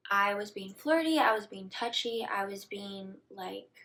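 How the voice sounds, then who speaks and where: A young woman vlogger tells her viewers a personal story in a casual, chatty way, filling it with "like" and slipping into soft murmurs. Her voice is medium in pitch, with a measured pace.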